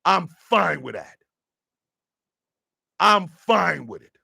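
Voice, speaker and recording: A man hosting a radio show, delivering an impassioned, profane rant that swings from a low intense murmur to shouting. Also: sing-song, extremely slow, vocal fry, slightly rough, dry recording, studio quality.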